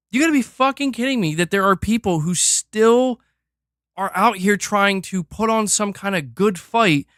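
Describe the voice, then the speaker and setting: A man's voice: extremely high pitch, a bit bright, dry recording, clean studio sound. Heated, profane male streamer ranting. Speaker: streamer host.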